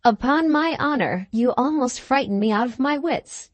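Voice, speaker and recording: A woman's voice: sits high, lively intonation, moderate pace, no echo, pitched above the performer's own voice. A woman voicing a cordial, good-humored young man in an audiobook, speaking frankly and eagerly. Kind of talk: audiobook character reading.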